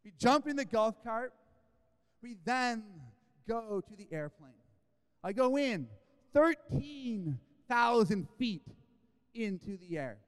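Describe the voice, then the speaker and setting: A man's voice: high-pitched, a little slow, pauses often, clear, resonant tone. A man preaching a sermon, telling a story in a humorous, self-deprecating, conversational way. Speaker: guest preacher. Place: church sanctuary. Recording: echoey church hall.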